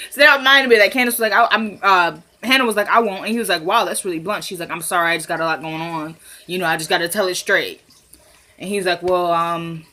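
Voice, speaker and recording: A woman chatting casually as she recaps a TV episode, retelling scenes with quick voiced quotes. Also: mid-range voice, sharp tone. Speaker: TV recap vlogger.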